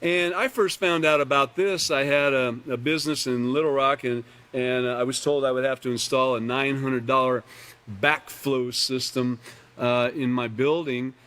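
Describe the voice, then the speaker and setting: A man teaching a live online class from slides, talking casually with joking asides and often clearing his throat. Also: mid-range voice, steady tone, normal speed, fairly bright tone. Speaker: class instructor.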